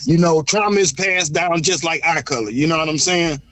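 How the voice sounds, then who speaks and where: A man phones in to share his view, his voice sitting a bit high. He stumbles and restarts often, and his voice comes through dry and close. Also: fairly bright tone, dry recording. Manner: halting, repeats words, rhetorical "you know what I'm saying". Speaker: caller. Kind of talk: phone-in commentary.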